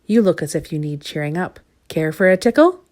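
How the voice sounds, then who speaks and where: A woman's voice: sits low, very animated, a little fast, darkish tone. A woman voicing a cheerful long-armed man who loves tickling, in a storybook reading. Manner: cheerful and chuckling.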